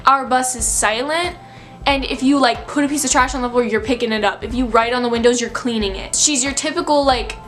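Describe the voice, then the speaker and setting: A woman's voice: fairly high pitch, fairly quick, a bit bright, faint music behind. A young woman in her late teens telling a storytime vlog in a chatty, filler-heavy, breathless way. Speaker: vlogger.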